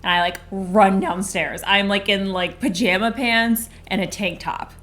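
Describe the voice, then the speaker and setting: A woman co-hosts a casual drinks review, chatting in a bubbly way and saying "like" constantly. Her mid-range voice is steady, unhurried, and a little bright.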